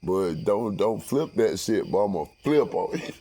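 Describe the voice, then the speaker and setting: A man's voice: on the low side, expressive, unhurried, dark tone, a little hiss or hum, rough recording. A man in a casual, profane monologue, rambling and preachy with heavy slang. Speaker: vlogger.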